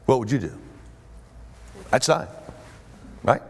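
A man preaching a sermon in an animated way, often checking in with his listeners. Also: medium pitch, slow, creaky, husky. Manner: animated, asks the audience questions.

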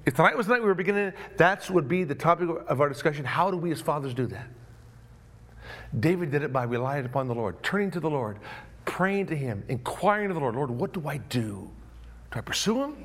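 A man's voice: a little high, fast talker. A man preaching a sermon, acting out the story's voices, with frequent restarts and repeated words. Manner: animated, acts out voices of the story. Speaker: pastor.

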